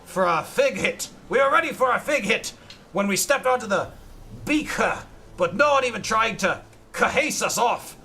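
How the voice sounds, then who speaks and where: A man's voice: extremely high pitch, lively intonation, moderate pace, bright, forceful tone, slight background noise, voice pushed up, exaggerated voice. A man voicing a boastful, greedy male pirate leader in a hammy put-on Irish accent, drawing out his H sounds. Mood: swaggering. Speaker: streamer reading in-game notes aloud.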